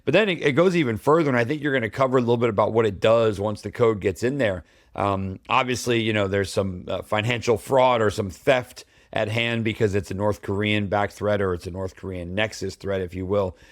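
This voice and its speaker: A man's voice: fairly low pitch, fairly quick, hardly any pauses, no room sound, studio quality. A man hosting a cybersecurity podcast, chatting casually with frequent fillers and restarts. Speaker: podcast host. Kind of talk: casual chat.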